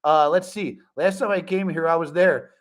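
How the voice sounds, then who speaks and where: A man's voice: fairly high pitch, moderate pace. A man in his forties hosting a fan live stream, chatting casually with viewers and joking a lot. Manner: animated, joking, repeats catchphrases.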